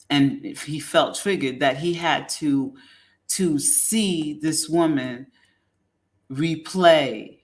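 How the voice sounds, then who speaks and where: A woman hosting a casual commentary show, rambling and halting with many ums. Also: rumbling low. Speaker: host.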